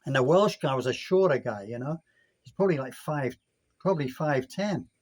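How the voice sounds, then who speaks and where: A man's voice: mid-range voice, lively intonation, normal speed, breathy edge, no room sound. A man in his sixties from the United Kingdom, telling a rambling story in a casual vlog rant. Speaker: vlogger.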